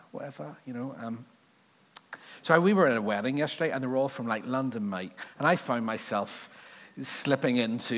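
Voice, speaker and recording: Chatty Belfast pastor preaching. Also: male voice, mid-range voice, fairly bright tone. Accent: Northern Irish. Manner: chatty, joking asides, rambling digressions. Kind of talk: sermon.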